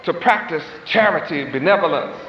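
This sermon comes from a man with a fairly high pitch and lively intonation, with crowd noise behind him. Folksy and dramatic, he elongates words for effect, slips in chuckling asides, and keeps his grammar loose, his emphasis swooping through slow, stretched-out stresses. It sounds like muffled old tape captured in an echoey hall.

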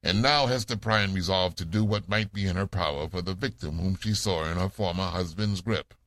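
A man narrating a classic novel summary in a measured, formal audiobook manner. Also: low voice, fairly bright tone, no room sound.

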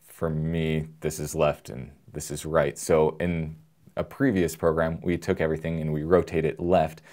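Deep-voiced guy walking through microcontroller stuff, laid back, cracks little jokes. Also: normal speed. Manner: relaxed, jokey, explains with analogies. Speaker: electronics tutorial presenter. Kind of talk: casual technical lesson.

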